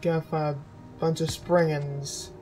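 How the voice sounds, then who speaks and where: A woman's voice: low-pitched, flat delivery, a little slow, warm tone, soft background music. A woman streamer playing a role-playing game, swearing and muttering irritably at enemies as she plays. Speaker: gameplay streamer. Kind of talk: profane let's-play commentary.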